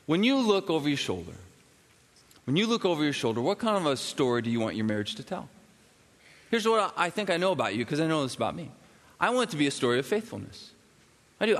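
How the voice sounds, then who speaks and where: A man preaching a sermon as pastor, animated and acting out quoted voices, then interviewing a guest. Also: fairly high pitch, fast talker, big-room sound.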